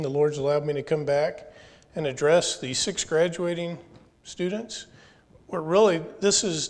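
A man's voice: on the high side, long reverb tail. A man in his forties giving a commencement address in a folksy, earnest way, joking with the graduates. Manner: earnest, folksy, jokes with the audience. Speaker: graduation speaker. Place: school or church hall.

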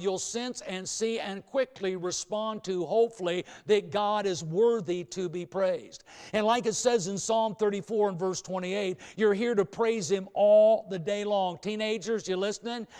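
A man's voice: sits high, darkish tone, smooth. A man preaching a sermon to a hall audience in a folksy way, repeating phrases for emphasis and leading call-and-response. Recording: long hall reverb.

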